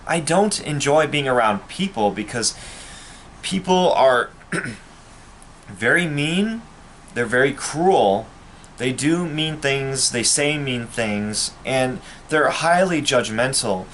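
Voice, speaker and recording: A man's voice: medium pitch, lively intonation, slow pace, fairly bright tone, slight background noise. A man, a vlogger, ranting to camera in a bitter, angry and profane way. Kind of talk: personal rant to camera.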